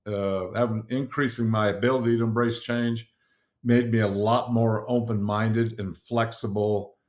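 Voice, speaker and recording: A man's voice: on the low side, steady tone, measured pace, darkish tone. A middle-aged man hosting a podcast, giving an earnest motivational solo talk with frequent fillers and restarts. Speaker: podcast host.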